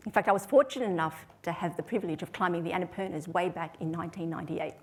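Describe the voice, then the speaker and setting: A woman, giving a prepared talk to an audience in a measured storytelling way. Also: lowish voice, husky. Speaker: speaker.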